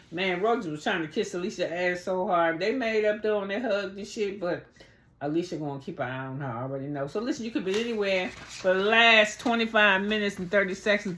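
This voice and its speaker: A woman vlogger recapping a reality show in casual, profane storytelling, animated and chatty, acting out what people said. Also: on the low side. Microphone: on camera, speaking to viewers.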